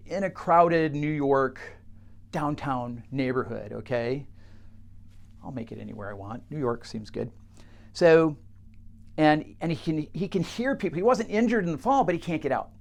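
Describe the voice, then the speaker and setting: A man who works with clients, telling a teaching story straight to camera in a halting way, with many fillers and restarts. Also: a little high, expressive, vocal fry. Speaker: coach working with clients.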